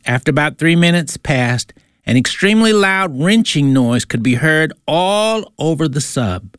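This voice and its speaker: A man's voice: on the high side, animated, measured pace, a bit bright, clear, resonant tone, no echo, studio quality. A man telling a religious story in earnest, devotional narration.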